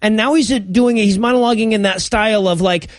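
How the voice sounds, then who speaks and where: A man's voice: sits high, a little fast, no echo, clean studio sound. A man co-hosting a podcast, riffing sarcastically on a bad movie with lots of swearing and laughter. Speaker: podcast co-host. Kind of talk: casual comedic movie riffing.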